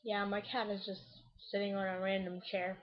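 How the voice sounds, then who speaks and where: A woman's voice: medium pitch, little pitch movement, moderate pace. Goofy young woman, dull lo-fi sound. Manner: goofy, rambling, jumps into silly bits and shrieks. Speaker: vlogger. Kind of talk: random silly vlog. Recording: dull lo-fi webcam audio.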